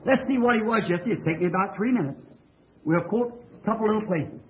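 A man's voice: high-pitched, quick pace. A man preaching a sermon in a church, asking the congregation questions and pressing his points emphatically. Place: church tabernacle. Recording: tinny lo-fi old tape.

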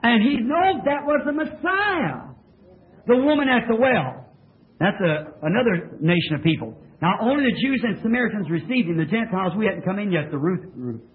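A man's voice: high voice, lively intonation, normal speed. A man preaching a sermon in a church, asking the congregation questions and pressing his points emphatically. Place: church tabernacle. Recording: tinny lo-fi old tape.

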